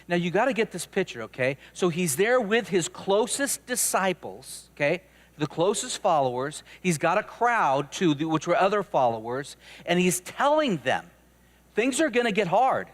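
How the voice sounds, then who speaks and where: Male pastor, high voice, chatty animated sermon, stammery restarts. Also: moderate pace.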